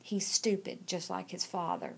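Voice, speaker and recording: A woman voicing a harsh mother who talks down to her young son, slow and cold. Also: on the low side, very animated, gravelly, husky, exaggerated voice. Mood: cold, scornful.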